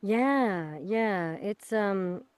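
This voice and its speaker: A woman's voice: medium pitch, animated, drawn-out words, a little mellow, clean tone, no echo. Chatty woman voice actor, dry close sound. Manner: bubbly, laughs, demonstrates voices. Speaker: voice actress guest. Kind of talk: casual interview chat.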